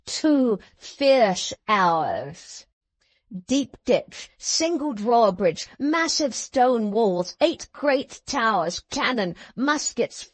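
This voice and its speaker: A female audiobook narrator with a fairly high voice, reading at a slow, deliberate pace. The sound is close and dry, with no room around it. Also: dry recording. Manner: steady, measured storytelling. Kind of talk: scripted narration.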